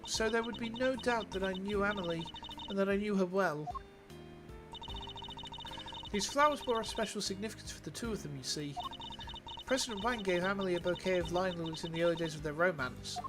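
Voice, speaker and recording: Older female judge, calm and soft, as a man reads her. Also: sits high, brisk, music in the background, lightly acted. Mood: gentle.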